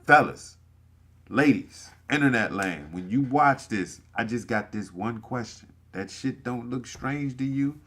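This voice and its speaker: Brief: male streamer, mid pitch, punchy profane reaction commentary. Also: animated, a little slow, a bit bright, slightly rough. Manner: emphatic, profane, talks to the viewers.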